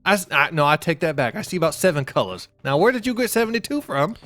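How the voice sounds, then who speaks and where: A man playing an angry pig farmer who talks loud and indignant in a vague put-on accent. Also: a little high, sing-song, fast talker, dry recording, soft background music.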